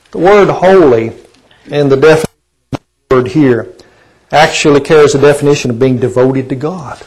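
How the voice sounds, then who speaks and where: A man delivers a sermon in a slightly high-pitched voice. His preaching is conversational and folksy, with ums and restarts, and he keeps turning to his listeners with rhetorical questions. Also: moderate pace, long pauses, a little mellow, slightly rough, poor audio. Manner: asks the congregation rhetorical questions.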